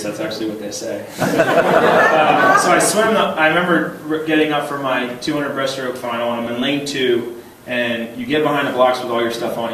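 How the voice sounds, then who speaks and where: A man's voice: medium pitch, very noisy. Chuckling man telling stories in an echoey hall. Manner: animated, chuckling often, repeats words when starting a thought. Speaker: banquet keynote speaker. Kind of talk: humorous personal storytelling speech. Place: large banquet hall. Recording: very echoey hall, voice heard from a distance.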